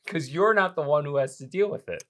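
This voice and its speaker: A man's voice: on the high side, lively intonation, brisk, fairly bright tone. A man in his thirties, a chef hosting a podcast, chatting casually with a teasing, upbeat manner. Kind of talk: casual chat.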